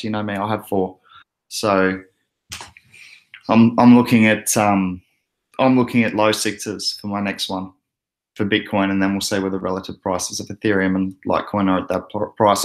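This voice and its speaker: A young Australian man hosting a casual crypto livestream, relaxed and chatty, laughing often as he reads out the chat. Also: on the low side.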